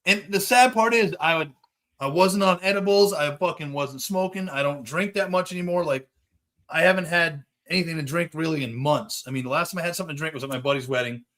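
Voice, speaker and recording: A man with a slightly raised voice tells a rambling story in casual chat. He swears freely and talks in an animated, storytelling way, full of restarts. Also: fairly high pitch, fairly quick. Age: adult with young kids. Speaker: podcast host, custom bike builder.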